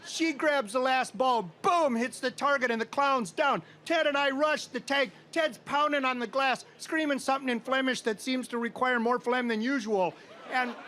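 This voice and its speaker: A live crowd at an outdoor state fair stage hears a middle-aged man from Minnesota tell a comic story in a dry, deadpan way. His voice is very high-pitched, with slight background noise in the recording.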